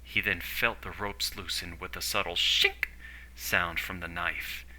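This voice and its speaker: A man narrating a story in a steady, descriptive way. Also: sits low, measured pace, background noise.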